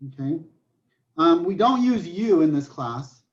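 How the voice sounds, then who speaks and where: A high-voiced man teaching math online, joking and telling stories as he works through problems. His speech comes through a computer mic on a call. The audio is dull and lo-fi. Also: very animated, unhurried. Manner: joking, storytelling, chatty with restarts. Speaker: math professor. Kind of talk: online class lecture. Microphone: computer mic on a video call.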